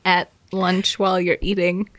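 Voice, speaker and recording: A woman's voice: on the low side, monotone, a little slow, a bit bright, no room sound. A woman co-hosting a podcast, chatting casually and giggling as she tells stories. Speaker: podcast co-host. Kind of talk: casual chat.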